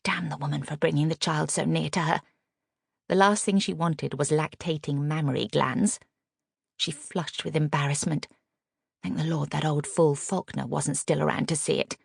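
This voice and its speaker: A woman narrating a novel as an audiobook reader, in a measured storytelling manner. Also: sits low, steady tone, gravelly, husky, dry recording, studio quality. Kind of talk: scripted narration.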